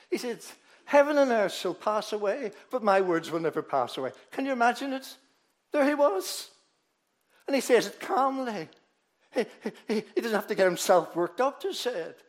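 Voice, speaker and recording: A man preaches a sermon emphatically, swinging between loud declarations and low, quiet asides. He often repeats words as he goes.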